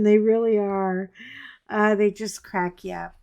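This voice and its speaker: A woman's voice: medium pitch, steady tone, moderate pace, vocal fry, mellow. A middle-aged woman chatting casually while she colors, rambling with joking asides. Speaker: coloring vlogger.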